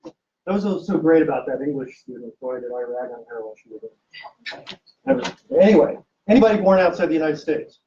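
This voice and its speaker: A man's voice: fairly high pitch, expressive, fairly quick, mellow, a little hiss or hum. Joking male archivist lecturing a live audience. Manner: jokey, teasing, quizzes the audience. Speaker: university archivist giving a public talk. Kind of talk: lively public lecture with audience questions. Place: event room with a live audience. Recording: distant, dull lo-fi room recording.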